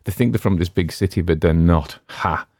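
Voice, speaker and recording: Man, Cumbrian accent, middle-aged, deep voice, rambling casual chat, dry close sound. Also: normal speed, a little mellow, no echo. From West Cumbria, England. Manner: rambling and self-deprecating, with many fillers and restarts. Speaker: audiobook narrator and channel host.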